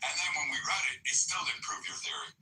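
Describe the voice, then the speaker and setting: A man's voice: on the high side, huge pitch swings, quick pace, sharp tone. A man in an online political chat, combative, profane and dismissive as he argues. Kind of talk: heated argument. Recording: echoey, distant, faint music.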